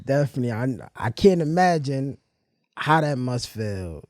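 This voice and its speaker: Mellow young man hosting casually. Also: medium pitch, big pitch swings, unhurried, no echo, studio quality. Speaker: host, interviewing his mother. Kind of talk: casual interview.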